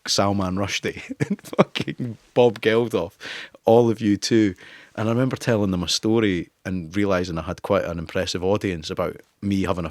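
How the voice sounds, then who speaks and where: A man's voice: sits low, a little mellow, no room sound. A middle-aged Scottish man telling laughing, profanity-laced anecdotes as a podcast guest. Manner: swearing, laughing storyteller. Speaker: guest, former newspaper editor. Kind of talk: casual interview anecdotes.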